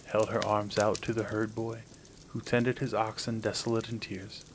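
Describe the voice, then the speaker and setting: A man hosting a story podcast, narrating a folk tale in a gentle, unhurried storybook style. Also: on the low side, level tone, noisy background. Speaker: storyteller host.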